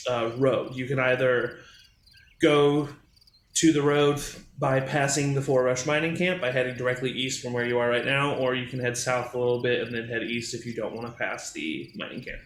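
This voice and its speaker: A man narrating as game master of a tabletop game, in a relaxed way with many pauses and "um"s. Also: mid-range voice, reverberant, slight background noise.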